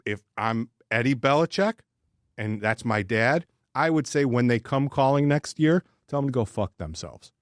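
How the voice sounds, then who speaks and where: A man on a sports podcast vents in a loose, profane rant, his voice sitting at an ordinary middle pitch. The sound is dry and close, with no room around it. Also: expressive, moderate pace, no echo. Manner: profane, ranting. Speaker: podcast co-host. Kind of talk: casual sports chat.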